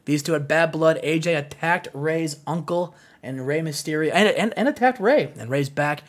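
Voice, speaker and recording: A man hosting a gaming show, narrating a wrestling sim in an excited, casual way. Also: on the high side, moderate pace. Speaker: host.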